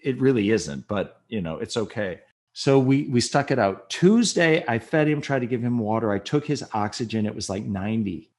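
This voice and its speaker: A man telling a personal story in an interview, earnest, and quick and agitated when reliving tense moments. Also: mid-range voice, lively intonation, darkish tone. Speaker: guest recounting a personal experience.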